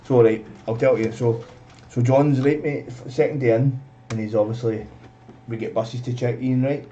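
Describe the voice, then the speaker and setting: A man with a warm, mid-range voice speaks steadily at a normal pace while gaming on a live stream. He rambles through a casual story, swears often and calls everyone "mate" constantly. The recording is dull and lo-fi, off-mic and noisy.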